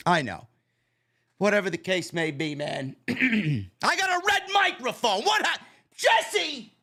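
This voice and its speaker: A man with a New York accent, host of a wrestling review show, ranting in a loud, profane, mock-annoyed way and shouting at times. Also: sits high, very animated, unhurried. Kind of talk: profane comedic rant.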